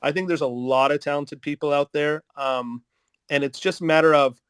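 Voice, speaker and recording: Brief: thoughtful male podcaster, a touch high-voiced, dry close recording. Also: fairly even intonation, normal speed, smooth, dry recording. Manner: reflective, gently reframing the other speaker's point. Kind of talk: casual podcast chat.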